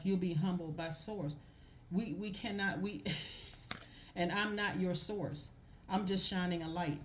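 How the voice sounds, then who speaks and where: A woman's voice: lowish voice, background noise. A woman giving a casual tarot reading to her viewers, emphatic and repeating phrases for stress. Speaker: tarot reader.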